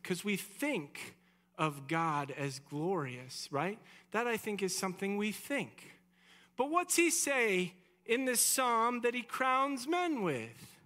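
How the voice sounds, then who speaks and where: A man's voice: sits high, bright, forceful tone. A man leading worship gives a short, enthusiastic teaching between songs and keeps asking rhetorical questions. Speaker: worship leader.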